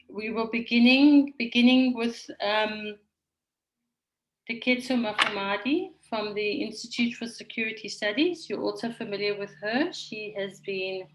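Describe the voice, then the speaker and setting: Measured woman facilitating an online conference. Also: fairly high pitch, fairly bright tone, poor audio. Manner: measured, orderly, reads names from the chat. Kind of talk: moderating an online conference session. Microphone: video call.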